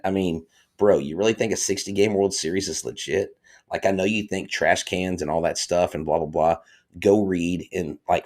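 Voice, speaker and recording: Deep-voiced excitable sports host. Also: male voice. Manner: excitable and chatty, reads viewer comments aloud. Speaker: podcast host. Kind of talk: live-stream sports talk.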